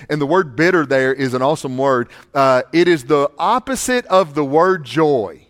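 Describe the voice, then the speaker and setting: A man's voice: on the high side, expressive, normal speed, few pauses. A male pastor preaching a sermon emphatically, with repeated rhetorical questions, in a church sanctuary with long reverb.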